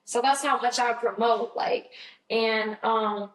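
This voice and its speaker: A woman's voice: a little high, fairly even intonation, takes it slowly. A young woman from Georgia with a Southern accent, telling stories in an upbeat, chatty interview with lots of fillers. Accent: Southern American. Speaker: guest musician. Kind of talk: casual interview chat. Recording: roomy, slightly distant mic.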